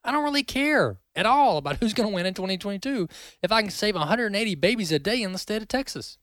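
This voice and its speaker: Guy hosting a talk show, pushy emphatic commentary, highish voice. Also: lively intonation, quick pace, a bit bright, dry recording. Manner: emphatic, rising to indignant. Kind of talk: opinionated commentary.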